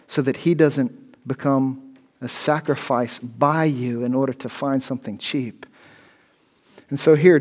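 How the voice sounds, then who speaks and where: A pastor giving a sermon, repeating key phrases and building up to loud, pointed questions. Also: male voice, medium pitch.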